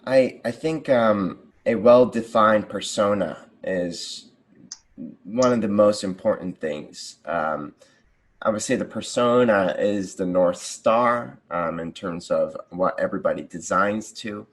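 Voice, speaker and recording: An American man with a fairly low voice, talking casually as a guest on an interview show. He sounds enthusiastic about his work and livens up his examples with little acted-out voices. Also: takes it slowly. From United States. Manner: enthusiastic, jumps into lively voices when telling examples. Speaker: guest, conversation designer.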